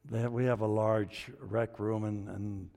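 A man, older, preaching a sermon with a personal story, dropping to low murmurs and rising to loud excited bursts. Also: unhurried, vocal fry. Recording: long reverb of a hall.

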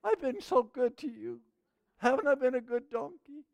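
A man's voice: very high voice, expressive, normal speed, creaky, darkish tone, no echo, lo-fi sound, pitched above the performer's own voice, heavily acted. Man doing a meek, hurt talking donkey. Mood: hurt pleading. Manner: pleading.

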